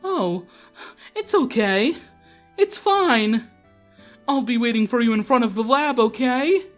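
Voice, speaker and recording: A man's voice: very high-pitched, animated, slow, soft background music, voice pushed up, exaggerated voice. A man doing a bubbly eager young girl. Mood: pleading. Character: eager young woman trainer. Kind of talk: reading game dialogue aloud.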